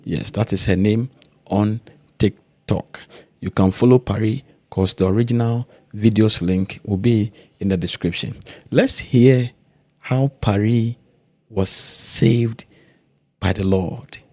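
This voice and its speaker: A man hosting a ministry channel, introducing a testimony video in a plain, measured way. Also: lowish voice, fairly even intonation, dark tone, dry recording.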